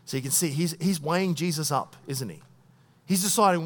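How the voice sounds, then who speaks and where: A man preaching a sermon, retelling a story with lively voiced thoughts and dropping soft at the moving parts. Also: on the high side, a little fast.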